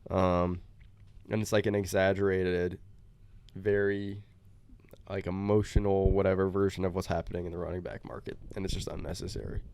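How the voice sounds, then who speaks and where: Young dude co-hosting a sports pod, kinda low voice, lots of um and like. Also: male voice, level tone, normal speed, a little mellow, clear, resonant tone, dry recording. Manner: hesitant, lots of fillers and restarts. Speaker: podcast co-host. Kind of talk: casual sports chat.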